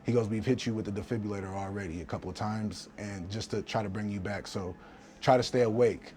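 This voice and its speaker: A professional fighter tells a story in a casual interview, acting out quoted voices animatedly and restarting often. He talks fast in a fairly low-pitched voice.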